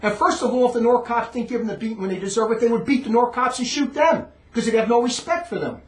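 High-voiced man ranting in a roomy space. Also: fast talker. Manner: rambling, emphatic, repeats words. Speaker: monologue speaker. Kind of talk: ranting monologue. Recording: roomy echo.

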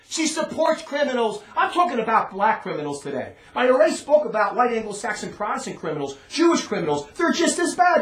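Man, rambling emphatic ranter, high voice, echoey room. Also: fairly bright tone. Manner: rambling, emphatic, repeats words. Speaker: monologue speaker. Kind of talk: ranting monologue. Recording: roomy echo.

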